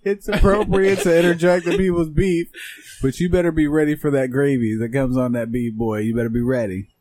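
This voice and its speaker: A man's voice: on the high side, fairly even intonation, brisk, darkish tone, no echo. A man in a casual podcast chat, brash and crude, laughing through his own jokes.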